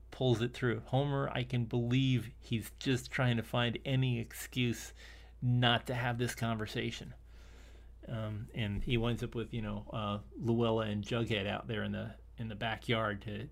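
A man's voice: medium pitch, gravelly. A man co-hosting a casual discussion, rambling with many restarts and laughing easily. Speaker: podcast co-host. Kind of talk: casual discussion of an old TV episode.

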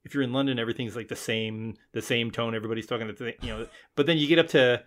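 An American man co-hosting a podcast, talking in a rambling, halting way with many restarts. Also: mid-range voice, fairly bright tone. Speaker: podcast co-host. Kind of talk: casual chat.

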